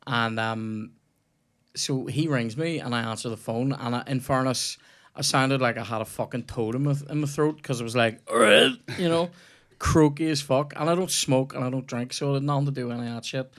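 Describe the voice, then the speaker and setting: A young man hosts a casual comedy podcast and talks over a football video game. He swears constantly and tells stories in a lively, animated way. He breaks off to rant at the match. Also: medium pitch, a little fast.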